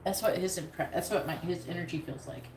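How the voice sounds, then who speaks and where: A woman's voice: on the low side, fairly even intonation, fairly quick, darkish tone. Blunt, casual woman reading tarot. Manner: casual, blunt, swears freely. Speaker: tarot reader. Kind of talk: live tarot reading stream. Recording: echoey room with noise.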